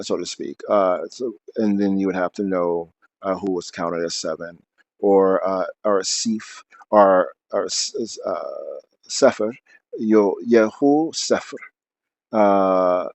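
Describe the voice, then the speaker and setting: A deep-voiced man reads aloud from his book, then explains at length off the cuff with many fillers and restarts. The recording has no echo.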